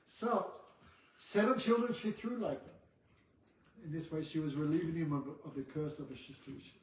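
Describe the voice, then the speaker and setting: A man retells a scripture story to a class, breaking off to quiz and tease his students. His voice sits a bit high, and the mic picks him up from a distance in a roomy, echoing space with faint noise. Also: normal speed, long pauses. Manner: chatty, joking asides to students. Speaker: teacher of a religious class.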